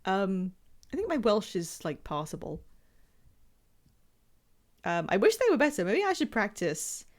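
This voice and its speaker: A woman's voice: medium pitch, wildly swooping pitch, measured pace. A woman streaming a video game, chatting casually in a rambling, self-deprecating way that trails off mid-thought. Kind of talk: casual live gameplay commentary.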